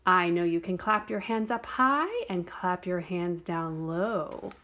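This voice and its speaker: A woman's voice: fairly low pitch, takes it slowly. A woman leading a children's movement lesson, reading a picture book aloud in a sing-song voice and cheering the dancers on. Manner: lively sing-song storybook reading, encouraging prompts. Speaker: dance teacher.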